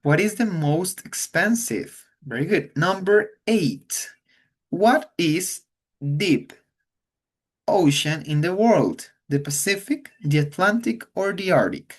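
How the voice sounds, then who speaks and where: Man teaching English, unhurried and careful, repeats words so students hear them. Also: high-pitched, animated. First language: Spanish. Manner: slow, patient, repeats words to model pronunciation. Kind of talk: online English class.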